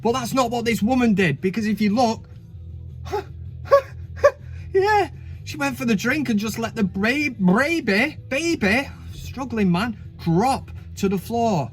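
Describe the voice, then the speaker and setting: A man's voice: very high-pitched, animated, measured pace, faint music behind. A man hosting a casual comedic countdown, chatting cheekily with frequent swearing and asides. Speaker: host.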